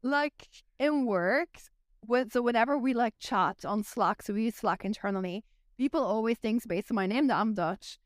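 A young woman with a Flemish accent talks in an easy, chatty way and leans on "like" as she goes. Her voice sits a little high. The sound is dry and close. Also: moderate pace, no echo. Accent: Flemish Belgian. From Belgium. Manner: chatty, says "like" a lot. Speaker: guest. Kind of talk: casual podcast chat.

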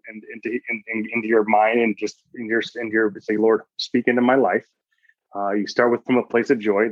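A man in a podcast interview, telling a personal story earnestly and often restarting mid-sentence. His voice sits at an ordinary pitch. The recording is a little muffled and very dry. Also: dry recording. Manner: earnest storytelling, quoting his own thoughts, frequent restarts. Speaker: guest, sports chaplain.

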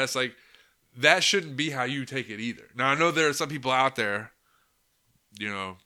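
A man with a very bright, sharp-edged voice, delivering a loose podcast monologue. He rambles, swears often and fills his talk with "you know" and "like". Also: mid-range voice. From United States. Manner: rambling and profane, heavy with "you know" and "like" fillers. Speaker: podcast host. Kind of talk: casual unscripted monologue.

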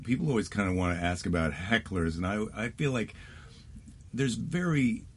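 A man's voice: fairly low pitch, animated, moderate pace, slightly rough. A man who is a stand-up comedian, chatting casually and acting out quoted lines as he tells stories. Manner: storytelling, acts out quoted lines. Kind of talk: casual chat.

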